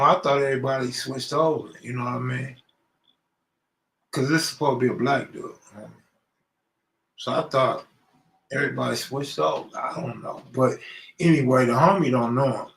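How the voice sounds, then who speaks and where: A man's voice: medium pitch, normal speed, creaky, fairly bright tone, roomy sound, rough recording. A man from Los Angeles hosting a casual live stream, greeting viewers by name and talking in loose street slang. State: out of breath. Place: room at home, alone.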